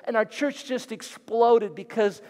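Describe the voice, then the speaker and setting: A middle-aged man, a guest pastor, preaching an animated storytelling sermon in a church. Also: very high-pitched, a little slow. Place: church sanctuary. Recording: long hall reverb.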